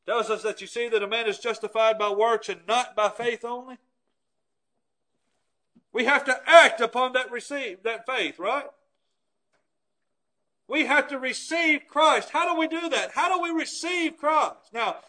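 A man's voice: very high-pitched, normal speed, sharp tone. A male preacher giving an emphatic sermon, often asking his listeners rhetorical questions.

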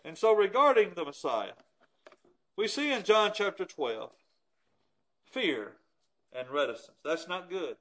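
A man's voice: sits high, sing-song, unhurried, pauses often, a bit bright. A male preacher giving an emphatic sermon, often asking his listeners rhetorical questions.

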